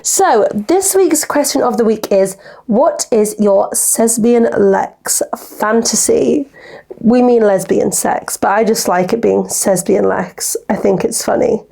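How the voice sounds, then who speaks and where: A woman's voice: mid-range voice, slow pace, creaky, warm tone, soft background music. A young woman in her twenties hosting a casual solo podcast, rambling through stories and acting out the conversations in them. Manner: chatty, rambling storyteller, acts out conversations. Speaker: podcast host.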